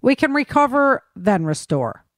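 Brief: woman voicing a stern male official in an audiobook, flat and cold, in a lively, dry read. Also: on the high side, a little slow, dry recording, voice pushed up.

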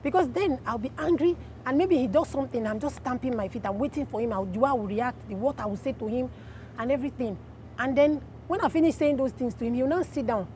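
A woman with a Nigerian accent giving a casual testimony, telling her story in a lively way and acting out the voices of the people in it. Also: high-pitched, fast talker, slight background noise. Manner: animated storyteller, acts out quoted voices.

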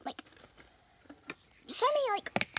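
A soft-spoken teenage girl with a British accent, rambling and giggling through a casual vlog from her bedroom floor. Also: slow pace. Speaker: vlogger. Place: bedroom floor strewn with stationery. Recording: clear crinkling and rustling noise.

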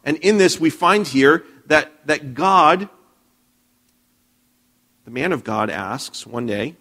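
A man's voice: on the high side, lively intonation, takes it slowly, sharp tone. A man preaching a sermon in a church, telling a Bible story conversationally with frequent restarts and questions to the congregation. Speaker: pastor.

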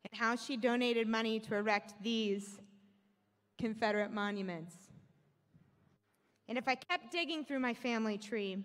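A woman's voice: a little high, fairly bright tone. A young adult woman from Alabama, a policy analyst giving a candid, earnest talk on stage. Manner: candid, joking then earnest. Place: large hall with audience. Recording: echoey hall.

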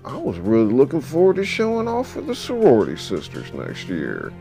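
A man's voice: mid-range voice, huge pitch swings, fairly quick, gravelly, dark tone, faint music behind, pitched above the performer's own voice. A man voicing a cocky young dock hand who talks in brash, profane, sarcastic lines.

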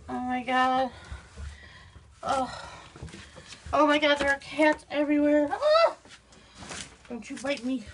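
A woman acting frightened in a spoof horror home video, gasping, whispering and shouting in the dark. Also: high voice, slight background noise. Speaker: vlogger.

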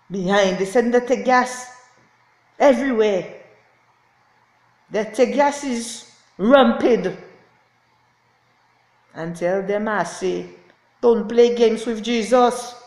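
Lying on a floor indoors, a self-styled prophetess rants to the camera with passion and repetition, breaking into angry laughter. Her voice is medium-pitched and a little mellow, and the room sounds reverberant.

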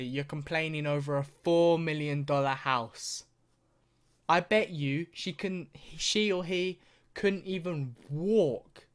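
A young man ranting through a reaction video, swearing constantly and mocking what he sees. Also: a little high.

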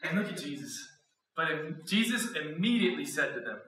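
A man, a student pastor, preaching a sermon with lively storytelling and acted-out quotes. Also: a little high, brisk. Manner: animated storyteller, acts out quotes, laughs often. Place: church auditorium. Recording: echoey hall, mic at a distance.

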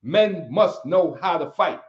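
A man's voice: on the high side, expressive, slow. An American man hosting a livestream, giving an emphatic, preachy motivational talk and hammering on key phrases over and over. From United States. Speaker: livestream host and martial arts teacher. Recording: roomy, slightly dull audio.

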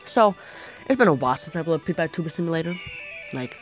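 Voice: mid-range voice, lively intonation, racing, soft background music. A young gaming video creator giving rambling, jokey gameplay commentary.

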